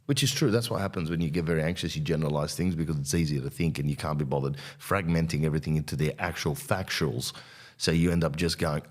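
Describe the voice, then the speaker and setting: A man rants through a comedy podcast monologue. His voice sits low but swings widely in pitch, rambling, profane and provocative. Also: animated, fast talker.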